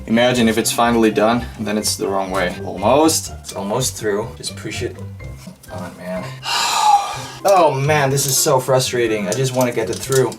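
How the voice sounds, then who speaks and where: A man's voice: mid-range voice, sing-song, normal speed. A man narrating a hands-on restoration in a hot room, muttering, sighing and straining while he works. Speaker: vlogger restoring a helmet. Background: background music.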